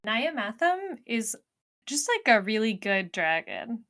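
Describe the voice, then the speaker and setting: Woman, podcast co-host, casual book chat, lively delivery. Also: fairly high pitch. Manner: animated, acts out characters in quick asides.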